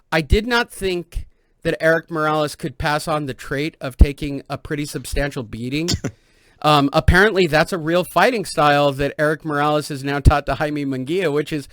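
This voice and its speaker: A man from East Los Angeles hosting a boxing podcast, joking and telling animated stories in casual chat. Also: fairly high pitch, no room sound. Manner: loud, joking, animated storytelling. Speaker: podcast host.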